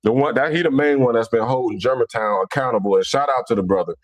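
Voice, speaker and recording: A man's voice: mid-range voice, quick pace. Rambling Cincinnati man with Southern-leaning accent. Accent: Cincinnati, Southern-leaning American. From Cincinnati, Ohio, USA. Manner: animated, rambling, stammering restarts. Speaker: Islamic commentator. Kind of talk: casual monologue.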